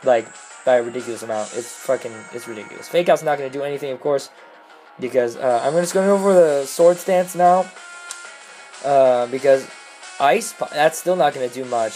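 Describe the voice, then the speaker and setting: A young adult player commentating their own competitive game battles, muttering quick strategy and breaking into swearing, exasperated outbursts over bad luck. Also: mid-range voice, darkish tone, soft background music, poor audio. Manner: rushed, mumbled strategy talk between outbursts. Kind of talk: gameplay commentary.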